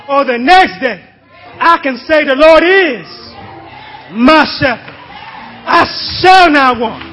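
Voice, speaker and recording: Man, preacher, very high voice, shouting sermon, organ and congregation behind. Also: low-quality recording. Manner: call-and-response, drawn-out exclamations. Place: church. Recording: church recording with music and congregation.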